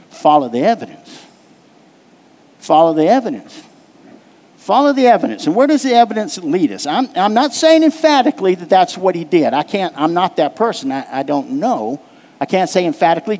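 A man's voice: high voice, a little mellow, big-room sound. A man preaching a sermon to his congregation, pressing his points with repetition and questions put to the room. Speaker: pastor. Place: church sanctuary.

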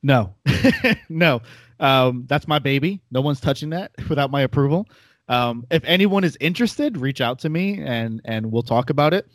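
A man's voice: mid-range voice, no room sound. A man, chatting casually as a podcast guest in a rambling, self-deprecating way. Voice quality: nasal. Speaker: podcast guest, former host. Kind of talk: casual chat.

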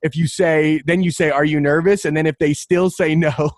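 A man's voice: on the high side, fairly even intonation, moderate pace, no room sound, clean studio sound. A man co-hosting a podcast, trading crude, teasing banter in casual chat. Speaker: podcast co-host.

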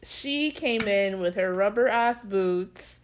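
Taking it slowly in a mid-range voice, a young podcast co-host chats casually, telling a story and bringing its quoted characters to life by acting them out.

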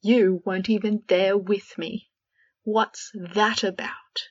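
A woman's voice: mid-range voice, steady tone, takes it slowly, husky, dull audio. A woman doing a stammering, frightened young man. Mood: pleading. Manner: stammering and shaky. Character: frightened young man, guilt-ridden and pleading.

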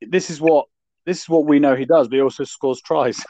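A man's voice: fairly high pitch, fairly even intonation, fairly quick, warm tone. A man co-hosting a casual sports chat, blunt and bantering, swearing casually. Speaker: podcast co-host. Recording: dull lo-fi dry recording.

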